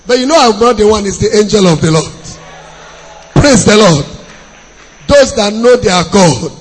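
A man with a Nigerian accent preaching a sermon, telling a story and rising to shouts as he goes. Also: high-pitched, animated, measured pace, a little hiss or hum. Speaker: pastor. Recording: long hall reverb.

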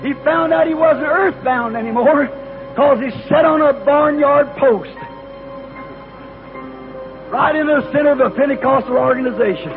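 A man preaching a sermon as a folksy story, in homespun country grammar, growing fervent and shouting at its peaks. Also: very high voice, normal speed, long pauses. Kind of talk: folksy storytelling sermon leading into an altar call. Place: church service. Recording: dull lo-fi tape with music behind. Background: music.

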